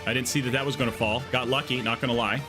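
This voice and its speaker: A man's voice: mid-range voice, fairly even intonation, very fast, over music. A man streaming a game live, chatting casually in a rambling, jokey way that drifts off on tangents. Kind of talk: casual live-stream chat while gaming.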